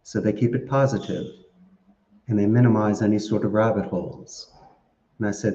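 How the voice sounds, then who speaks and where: Laughing often and toying with words, a man chats casually as a guest on a podcast interview. His lowish, warm voice has fairly even intonation and normal speed, broken by long pauses, and the audio is dull and roomy.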